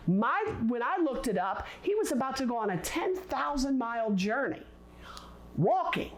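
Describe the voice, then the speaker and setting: A woman teaching a recorded Bible lesson, expressive and deliberate, leaning on words for dramatic emphasis. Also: high-pitched.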